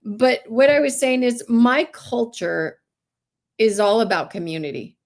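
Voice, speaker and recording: A woman's voice: on the high side, measured pace. A woman raised in California with Greek heritage, a farmer telling stories as a guest in a casual interview, acting out the people she quotes. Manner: animated storyteller, acts out quoted voices.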